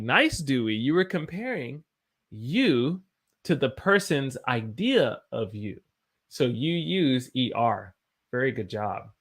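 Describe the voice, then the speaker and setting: A man's voice: mid-range voice, sing-song, takes it slowly, fairly bright tone, breathy edge. A man from the United States teaching English on a live stream, tired after a long day and encouraging as he reads out viewer sentences and corrects them.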